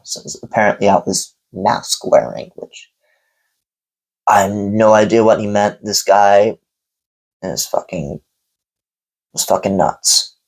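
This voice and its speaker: Gravelly, candid male vlogger. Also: lowish voice, a little mellow, low-quality recording. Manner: candid, profane, rambling. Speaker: coffee reviewer vlogger. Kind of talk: casual storytelling vlog.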